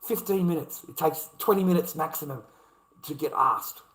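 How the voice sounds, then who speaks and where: A man's voice: fairly high pitch, normal speed, fairly bright tone, poor audio. A man in a casual monologue, blunt and heavily profane, hammering his points home by repeating them. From Australia. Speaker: vlogger.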